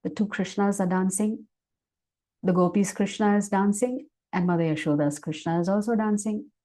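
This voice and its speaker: Brief: woman devotional speaker on a video call, mellow tone, animated storytelling. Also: mid-range voice. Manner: animated storytelling, then slower reflective teaching. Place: online class session.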